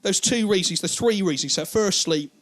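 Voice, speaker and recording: A man doing stand-up comedy, telling long stories in an animated, crude, rambling way. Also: sits high, moderate pace. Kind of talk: stand-up storytelling.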